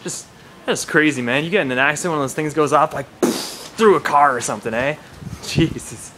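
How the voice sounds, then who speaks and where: A man's voice: fairly high pitch, moderate pace, background noise. A man from Canada, vlogging casually on city streets with a handheld camera and rambling through stories with lots of "like.". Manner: chatty, rambling, joking asides with many "like"s. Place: city streets in Taiwan, outdoors.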